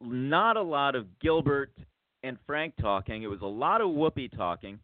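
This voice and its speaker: A man's voice: mid-range voice, animated, moderate pace, no echo. Man rambling through a story, phone-like sound. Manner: rambling, lots of restarts, acts out quotes. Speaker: podcast host. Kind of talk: casual storytelling chat. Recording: tinny phone-like dry sound.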